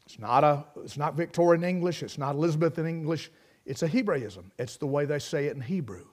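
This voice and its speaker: A man preaching a sermon, fervently swinging from shouts to hushed tones and repeating phrases for emphasis. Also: a little high, lively intonation, brisk.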